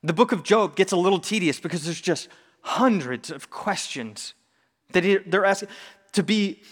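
A man preaching a sermon in a conversational, animated way with touches of humor. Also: sits high, moderate pace, in a large hall. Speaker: pastor.

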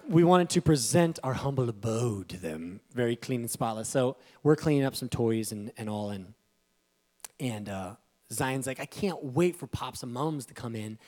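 A man in his thirties giving a devotional talk, telling a family story with laughter and rising emotion. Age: 30s. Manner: animated, laughing, voice climbing high when moved. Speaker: speaker.

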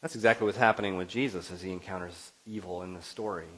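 A middle-aged man delivering a sermon as pastor, expressive and building to emphatic peaks. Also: low-pitched, fast talker, rough recording.

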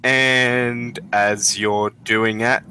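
Unhurried male game master, bright voice, easy filler-laden narration. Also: lowish voice, level tone, slight background noise, rough recording. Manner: casual, drawn-out narration with fillers.

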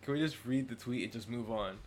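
A man's voice: mid-range voice, fairly quick, crowd noise. Laid-back young man chatting on a podcast. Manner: relaxed, slangy, laughs easily. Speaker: podcast co-host. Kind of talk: casual podcast chat.

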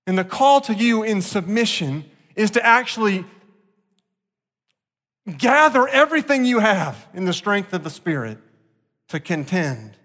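A male pastor delivering an earnest sermon, slowing down to stress key points. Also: high voice, a bit bright. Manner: earnest preaching, slowing for emphasis. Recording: long reverb of a large hall.

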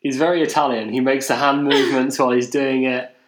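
A man's voice: mid-range voice, little pitch movement, fairly quick. A man from England, co-hosting a podcast, telling a rambling, self-deprecating story in casual chat. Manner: self-deprecating, rambling, many fillers and restarts. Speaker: podcast co-host. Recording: roomy echo.

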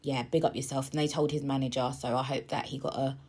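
A woman's voice: a bass voice, steady tone, fast talker, creaky, darkish tone, slightly rough. A woman telling a story to her viewers in a chatty, rambling way, full of asides and filler words. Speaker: vlogger.

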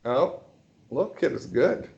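Casual male storyteller, mid pitch, halting delivery, muffled recording. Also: sing-song, darkish tone. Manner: halting, hesitant storytelling with many restarts. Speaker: guest telling a story. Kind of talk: casual podcast chat.

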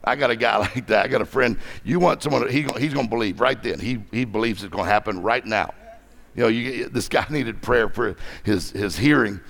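A middle-aged man preaching a lively conference sermon, joking and exhorting the crowd. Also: mid-range voice, a little fast, creaky.

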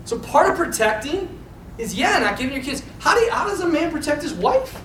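A man's voice: very high-pitched, very animated, brisk, fairly bright tone. A man, a Catholic priest, giving an informal talk to a men's group, telling stories animatedly and laughing often. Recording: echoey room, mic far off, faint noise.

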